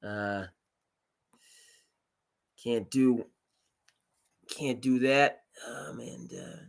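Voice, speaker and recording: A man's voice: mid-range voice, drawn-out words, vocal fry. A man hosting a live sports talk show, chatting casually and rambling with lots of fillers. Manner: rambling, filler-heavy, animated.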